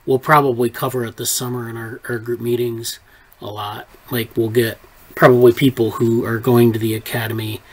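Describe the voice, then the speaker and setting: A man's voice: mid-range voice, flat delivery, moderate pace, slightly rough, poor audio. A man leading a research group, talking in a loose, rambling way with many fillers and restarts over a video call. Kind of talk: casual meeting chat. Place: online video meeting.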